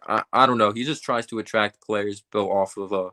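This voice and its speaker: A man's voice: fairly low pitch, fairly even intonation, brisk, few pauses, bright, forceful tone. A man hosting a fan sports chat, talking casually with lots of fillers. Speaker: fan podcast host.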